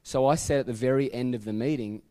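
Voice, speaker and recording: An Australian male pastor preaching in a church, his mid-pitched voice ringing with long reverb from the sanctuary. He tells stories in a chatty, rambling way, breaking off into asides and correcting himself as he goes. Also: quick pace, dark tone, smooth. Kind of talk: sermon.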